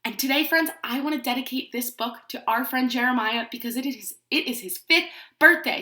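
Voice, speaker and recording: A woman pre-K teacher reading a picture book aloud to young children, in an animated way and often asking them questions. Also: high-pitched, brisk, hardly any pauses, reverberant.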